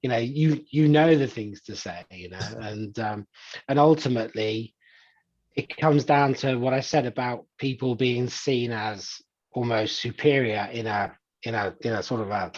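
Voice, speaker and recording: A man's voice: medium pitch, moderate pace, darkish tone, highs cut off. A man talking casually as an interview guest, full of "you know" fillers and restarts. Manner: chatty, many "you know" fillers and restarts, acts out quoted voices. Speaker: hypnotist guest. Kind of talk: conversational interview answers.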